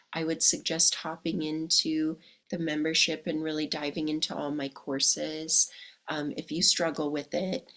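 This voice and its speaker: A woman in her thirties coaching listeners in a chatty podcast monologue, her voice slightly hoarse from illness. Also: deep voice, fairly bright tone. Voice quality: husky. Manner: chatty, calls listeners "my darlings" and "ladies". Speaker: dating coach. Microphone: podcast microphone.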